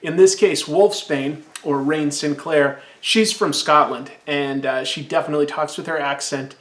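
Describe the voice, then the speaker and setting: A man's voice: on the high side, steady tone, normal speed, roomy sound. A man casually reviewing an old comic, rambling and enthusiastic while sipping absinthe.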